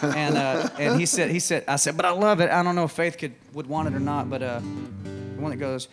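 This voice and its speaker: A man, a songwriter guest telling an animated story and acting out the dialogue on a music show. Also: on the high side, a little fast. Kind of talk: storytelling chat. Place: stage of a live music show.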